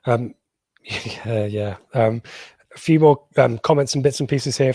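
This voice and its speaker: A man's voice: medium pitch, a little slow, mellow, no room sound. A man hosting a casual football podcast, reading out listener questions with a lot of hesitant ums. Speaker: podcast host.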